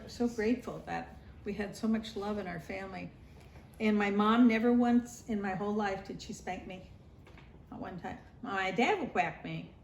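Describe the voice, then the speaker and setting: Older woman storyteller, nostalgic family memories, roomy echo, faint room hum. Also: mid-range voice. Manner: warm storytelling, nostalgic, acts out family voices. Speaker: grandmother sharing family memories. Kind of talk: recorded family interview.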